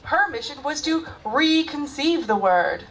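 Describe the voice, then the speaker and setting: A woman's voice: high-pitched, lively intonation, a little slow, fairly bright tone, rough recording. A woman narrating on stage, introducing the next piece in an upbeat announcing manner. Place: theater stage.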